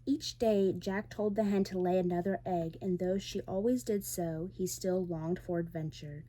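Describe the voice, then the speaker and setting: Soft, breathy woman reading a bedtime story. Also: lowish voice, steady tone, normal speed. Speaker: ASMR storyteller. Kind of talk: whispered role-play. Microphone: close ASMR microphone.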